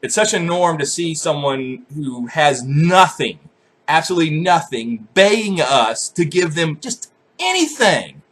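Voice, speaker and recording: A man's voice: on the high side, big pitch swings, measured pace, a bit bright. A young man vlogging a swearing, self-mocking comedic rant straight to the camera.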